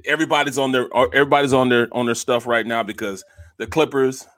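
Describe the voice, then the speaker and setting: A man's voice: medium pitch, steady tone, quick pace, a bit bright, no room sound. A man co-hosting a sports talk show, telling stories animatedly and laughing often into a studio microphone. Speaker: sports radio co-host.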